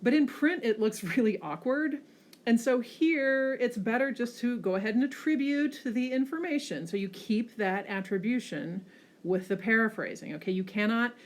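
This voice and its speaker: Woman teacher, lively "okay?" tags. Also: fairly high pitch, moderate pace. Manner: frequent checking "okay?" tags, lively emphasis. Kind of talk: classroom lecture on slides.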